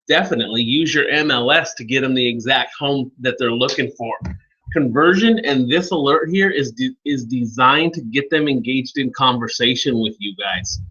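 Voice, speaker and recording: A man hosts a live software training webinar, his voice bright and forward. He talks informally and turns to attendees by name as he explains each step. The audio is a little dull and lo-fi. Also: mid-range voice, slightly rough.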